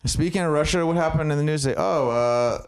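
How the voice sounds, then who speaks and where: A man's voice: on the high side, fast, smooth, no room sound, clean studio sound. A man co-hosting a podcast, talking in a loose, rambling way full of fillers and tangents. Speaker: podcast co-host. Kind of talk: casual chat.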